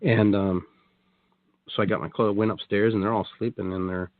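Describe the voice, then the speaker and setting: A man's voice: fairly low pitch, fairly even intonation, moderate pace, no room sound. A man telling his story as a guest on a talk show, rambling with many restarts and quoted asides. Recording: tinny phone-like line, dry.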